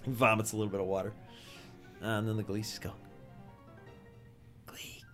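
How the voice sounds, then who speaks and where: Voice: medium pitch, flat delivery, fast, fairly bright tone, faint music behind. A game master narrating a tabletop game in a playful way, sometimes chanting creature noises.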